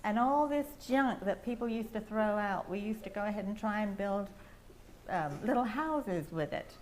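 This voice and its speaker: An older woman with an English accent, sharing a meandering personal testimony with soft laughs. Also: medium pitch, animated, moderate pace, a little hiss or hum. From England. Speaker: testimony speaker at a prayer house.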